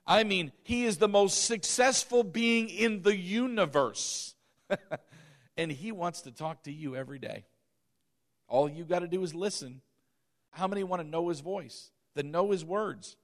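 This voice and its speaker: A middle-aged male pastor preaching a sermon, emphatic and repetitive, with chuckling asides. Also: sits high.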